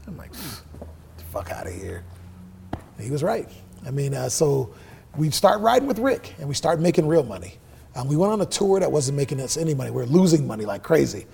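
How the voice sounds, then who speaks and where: This middle-aged musician's voice is on the high side, fast and full of vocal fry, with slight background noise. Swearing freely as an interview guest, he tells casual stories and acts out quoted dialogue.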